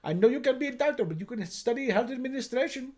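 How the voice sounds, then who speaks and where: A man's voice: very high voice, lively intonation, fast talker, a little mellow. A man putting on an Indian accent to voice a nagging father who scolds his grown daughter over and over. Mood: scolding. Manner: mock-scolding, repetitive, exasperated.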